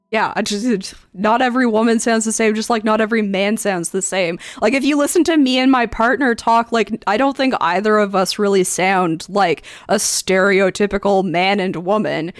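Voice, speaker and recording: A woman's voice: measured pace, no room sound, faint music behind. Rambling woman with a dry close sound. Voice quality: voice neither very high nor very low. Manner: rambling, many fillers and restarts. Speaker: streamer and game master. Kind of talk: casual chat reading forum posts aloud.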